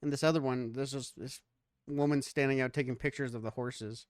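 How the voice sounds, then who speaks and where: A man's voice: mid-range voice, fairly even intonation, fairly quick, clear, resonant tone, no echo, clean studio sound. A man hosting a podcast, bantering casually with jokes and a lot of swearing. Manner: joking, profane banter. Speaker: podcast host.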